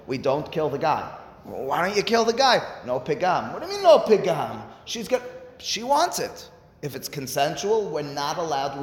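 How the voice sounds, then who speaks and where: A man's voice: a little high, fairly bright tone. A man giving a Talmud study lecture, explaining step by step and posing rhetorical questions to his listeners. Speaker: Talmud teacher. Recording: echoey hall with long reverb.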